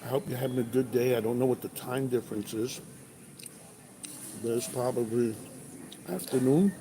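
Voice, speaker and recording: A truck driver with a medium-pitched voice speaks at a moderate pace, chatting casually on a livestream and reading viewers' comments aloud over breakfast. He's at a truck stop restaurant, with noisy restaurant ambience around him.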